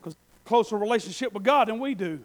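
A man preaching a sermon, swinging between loud shouted passages and quiet folksy asides. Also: sits high, animated, fast.

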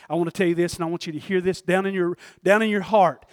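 A man preaching a sermon in a fervent, folksy way, moving between loud outbursts and hushed asides and chuckling often. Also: high-pitched, steady tone, quick pace, few pauses, no echo, studio quality.

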